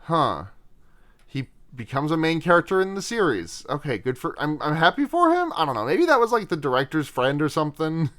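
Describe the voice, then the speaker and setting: Podcast co-host, male, slightly high pitch, loose profane rambling recap. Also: very animated, a little fast, a bit bright. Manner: rambling, profane, laughs often. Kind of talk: casual chat recapping a film.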